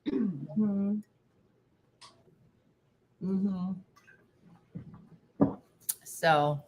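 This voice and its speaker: Lively bright-voiced woman telling a story. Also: moderate pace. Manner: animated, does loud shrill impressions of friends. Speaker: comedian and host. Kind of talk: casual storytelling while baking. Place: home kitchen.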